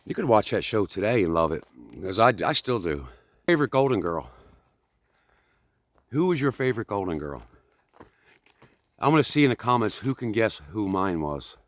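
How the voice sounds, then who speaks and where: A US man in his fifties vlogs while hiking outdoors, chatting casually and a little out of breath. His fairly low voice is sing-song, at normal speed with frequent pauses and no echo, as he rambles chattily and pokes fun at himself.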